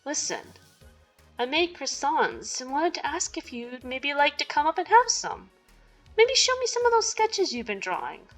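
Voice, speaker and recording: A sweet young male bear from a romance game, soft and gentle as he invites someone over, read by a woman in a lively, high voice. He speaks kindly and a little shyly. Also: moderate pace, faint music behind, low-quality recording.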